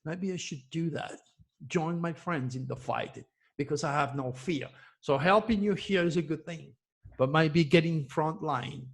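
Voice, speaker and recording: A man delivering a solo commentary as an astrologer, reading news headlines and preaching with impassioned emphasis and repeated phrases. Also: on the high side. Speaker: astrologer giving predictions.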